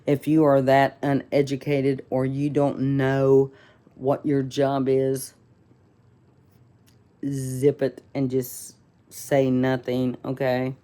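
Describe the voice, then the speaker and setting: A woman's voice: rumbling low, monotone, takes it slowly, warm tone. A woman telling a rambling, indignant story in a casual vlog, full of fillers and restarts. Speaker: vlogger.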